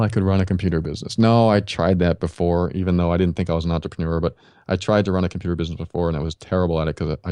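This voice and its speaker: A man's voice: low voice, dark tone, no echo. A man guest on a podcast, telling his life story in a casual interview and acting out his own past reactions.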